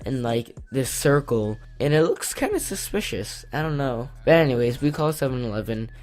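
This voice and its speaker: A teenage boy telling a storytime vlog in an excitable, rambling way with lots of fillers. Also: medium pitch, moderate pace. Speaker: vlogger. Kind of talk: storytime commentary.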